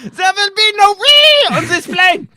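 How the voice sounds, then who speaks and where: A man putting on a strict German male flight attendant voice, shouting clipped orders. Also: a little high, expressive, a little fast, husky, no echo. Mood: barking.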